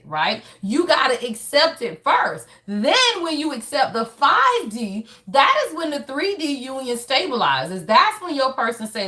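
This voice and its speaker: A woman's voice: high-pitched, bright, forceful tone. A woman giving a casual spiritual tarot reading. She is blunt and profane, talks straight to her viewers, and keeps checking in with emphatic tag questions. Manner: blunt and profane, constantly addressing viewers directly. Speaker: tarot reader.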